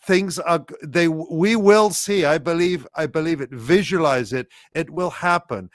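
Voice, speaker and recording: A man's voice: a little high, a little slow, no echo, clean studio sound. A man giving impassioned political commentary as a guest on a video call, urgent and rallying, repeating phrases for emphasis.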